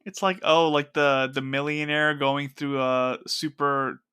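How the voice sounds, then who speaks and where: A man with a bright, forceful voice co-hosts a casual podcast. He speaks with enthusiasm, laughs often, and leans on fillers as he talks. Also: fairly high pitch, steady tone, unhurried, clean tone. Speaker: podcast co-host.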